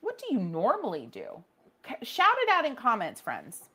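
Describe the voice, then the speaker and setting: A woman's voice: on the high side, huge pitch swings, moderate pace, bright, forceful tone, slightly rough. A woman hosting a casual painting livestream, chatting with viewers and reacting to their comments, often restarting her sentences.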